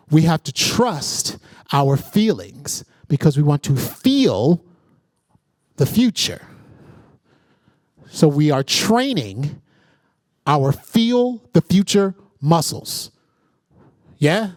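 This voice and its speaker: A man's voice: fairly high pitch, a little mellow, no echo, studio quality. A man facilitating an interactive workshop, energetically calling on the audience and checking in with "right?" as he goes.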